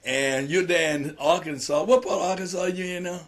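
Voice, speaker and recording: Picture a man hosting a political talk show with a fairly high voice. He speaks loudly and with lively energy, often repeating his own phrases as he chats with a guest in easygoing, conversational talk. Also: brisk, slight background noise.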